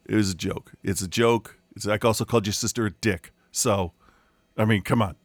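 A man's voice: fairly low pitch, fairly even intonation, normal speed, dry recording. A middle-aged man, a podcast co-host, chatting casually from his room and telling stories full of restarts. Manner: rambling storyteller, frequent restarts and laughs. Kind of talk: casual chat. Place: home room.

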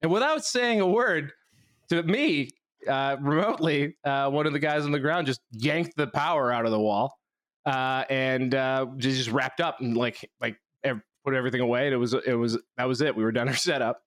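A man's voice: mid-range voice, normal speed, a bit bright, dry recording, clean studio sound. A man from Canada co-hosting a casual podcast chat, telling stories in a rambling, self-deprecating way. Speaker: show co-host.

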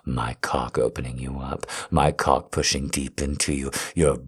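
A man playing a dominant, possessive lover in an erotic audio role-play, crude and commanding. His voice is extremely deep and husky. He speaks slowly and hammers short demands again and again. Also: full character voice. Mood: low, breathy.

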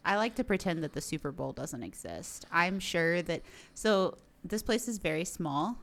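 A woman's voice: fairly low pitch, very animated, normal speed, a little hiss or hum. A woman from the United States co-hosting a podcast in casual chat, wry and chatty with casual swearing. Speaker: podcast co-host.

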